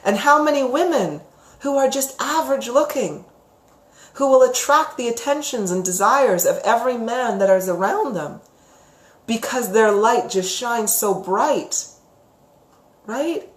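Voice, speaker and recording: A woman teaching about psychic topics on a live stream, chatty and expressive, reading out viewer comments and often asking "right?". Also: on the high side, measured pace. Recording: roomy echo.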